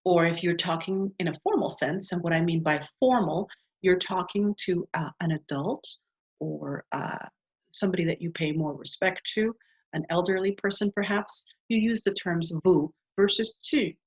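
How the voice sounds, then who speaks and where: A woman's voice: lowish voice, moderate pace, slightly rough. A woman teaching a beginner language lesson, patiently modeling phrases and asking the listener to repeat them. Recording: dull lo-fi sound.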